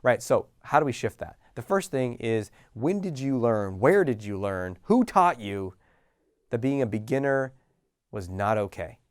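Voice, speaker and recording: A middle-aged man coaching listeners in a casual, animated talk, acting out small scenes with sighs and laughs. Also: mid-range voice, unhurried, clear, resonant tone, no echo, clean studio sound. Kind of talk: motivational talk to camera.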